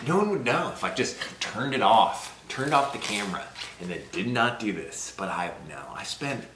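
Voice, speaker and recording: A man's voice: fairly low pitch, expressive, normal speed. A young man vlogging to the camera in short, fretful bursts. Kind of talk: casual video blog. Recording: roomy echo, faint background noise.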